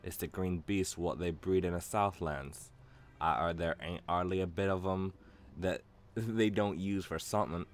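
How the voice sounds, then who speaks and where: A man's voice: sits low, steady tone, moderate pace, lightly acted. A man voicing a gossipy bird-beast creature in an exaggerated, stereotyped Cockney accent, reading game dialogue aloud. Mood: chatty. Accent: Cockney, put on.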